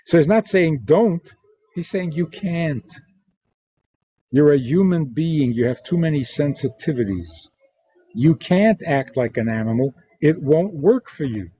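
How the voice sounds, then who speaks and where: A man who is a religious teacher, answering interview questions in a deliberate way and acting out quoted lines in different tones. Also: on the high side, expressive, dark tone, husky, dry recording. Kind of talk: interview guest explaining teachings.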